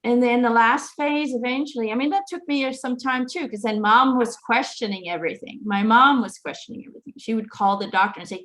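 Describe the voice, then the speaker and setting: A woman's voice: on the high side, fairly quick, hardly any pauses, a bit bright. A middle-aged woman hosting a casual, heartfelt chat, telling her story in an earnest, reflective way. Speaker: host.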